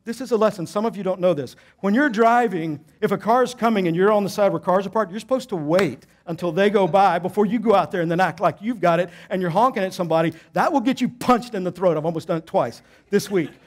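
A middle-aged man, a pastor, preaching a sermon with animated, emphatic storytelling and self-deprecating humor. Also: high-pitched, fast talker, hardly any pauses.

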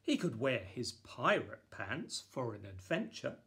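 A man, the author, reading his children's picture book aloud in a playful, lively way with bursts of excited exclamations. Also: medium pitch, a little slow, hardly any pauses. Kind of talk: children's storybook read-aloud.

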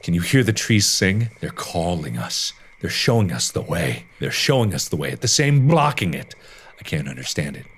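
Man doing a sleepless, paranoid game doctor: low hushed mutter, rambling, lively swings in pitch. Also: moderate pace, breathy edge, heavily acted. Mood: brooding, muttering.

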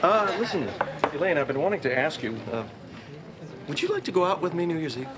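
An actor playing a smooth, flirtatious man who works as a dentist. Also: on the high side, sing-song, fairly quick. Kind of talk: sitcom acting. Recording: outdoor crowd noise.

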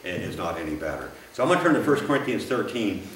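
A man's voice: fairly low pitch, very animated, quick pace, a bit bright, slight background noise. A man preaching a sermon in a church, folksy and rambling, with frequent restarts and asides. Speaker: pastor. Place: church sanctuary. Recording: roomy, from a distance.

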